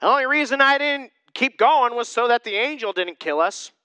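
Man putting on a frightened she-donkey, casual slangy talk, bright voice. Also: very high-pitched, animated, moderate pace, smooth, no room sound, heavily acted. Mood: anxious. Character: scared, weary female donkey.

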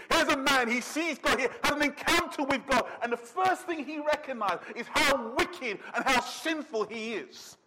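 A man preaching a sermon as pastor, emphatic, slowing down to stress words and dropping to a quiet intensity. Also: very high voice, noisy background.

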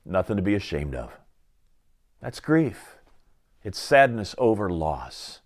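A man's voice: deep voice, big pitch swings. Reflective middle-aged male pastor. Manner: reflective, pausing to let points land. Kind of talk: sermon.

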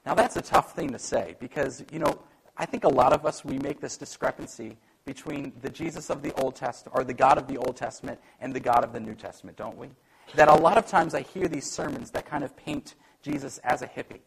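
Male pastor, gravelly voice, mid pitch, animated sermon, lively voices for quoted lines, faint hiss behind. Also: brisk, poor audio. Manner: animated, acts out quoted voices, self-deprecating humor.

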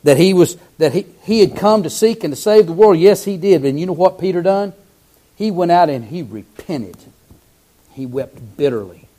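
A man preaching a sermon, fervent, swinging from loud cries to hushed lines. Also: fairly high pitch.

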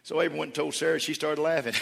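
A man preaching a sermon to his congregation, who moves between quiet storytelling and shouted calls for the crowd to respond. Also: fairly high pitch, creaky. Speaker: pastor. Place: large church hall with congregation. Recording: church hall reverb with congregation.

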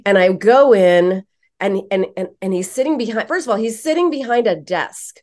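A woman psychotherapist telling a story in a podcast interview, animated, emphatic and frank. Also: medium pitch, normal speed.

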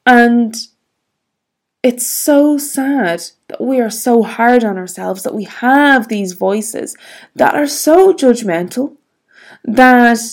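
A woman's voice: a little high, darkish tone. A woman vlogger telling a personal story in a frank, reflective way, swearing freely.

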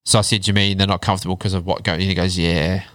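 Thirties New man, low-pitched and candid, swears casually, dry close mic. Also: little pitch movement, fast talker, a bit bright, no room sound. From New Zealand. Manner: candid storytelling, swears freely, drops to a low murmur on hard parts. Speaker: guest. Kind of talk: casual chat.

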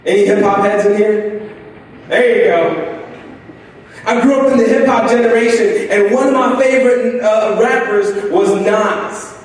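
Male pastor, sermon, high voice, repetitive building delivery, heavy room echo, distant mic. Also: a little slow. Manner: preaching with rising intensity and repetition. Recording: echoey hall, voice picked up from afar.

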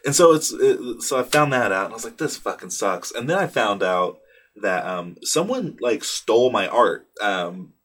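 A young man with a lowish voice chats on his own podcast, wandering through his thoughts with plenty of "um"s and restarts. He swears freely and pokes fun at himself. He speaks close to a small booth mic. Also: sing-song, normal speed, a bit bright. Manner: rambling, profane, self-deprecating, many fillers and restarts. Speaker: podcast host. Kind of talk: casual solo podcast chat. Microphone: studio microphone in a small booth.

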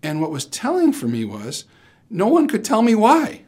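A man's voice: high-pitched, wildly swooping pitch, normal speed, darkish tone. A middle-aged male pastor giving a conversational sermon. He tells stories, puts direct questions to his listeners and often repeats words as he starts a phrase.

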